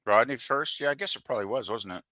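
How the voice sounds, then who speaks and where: A man's voice: mid-range voice, quick pace, bright, forceful tone, no room sound. A man in a casual chat, easygoing and agreeable, often searching for words.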